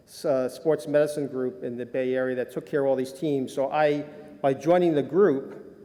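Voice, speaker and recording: A man's voice: mid-range voice, mellow. An older man, a sports medicine doctor, giving a rambling, self-deprecating conference talk full of fillers. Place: lecture hall. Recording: reverberant hall.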